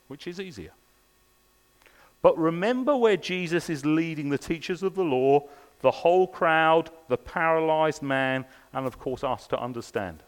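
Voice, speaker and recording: Earnest male preacher with a fairly high voice. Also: lively intonation, moderate pace, clean tone. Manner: earnest, repeats rhetorical questions. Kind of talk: sermon. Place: church service. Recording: long reverb of a large hall.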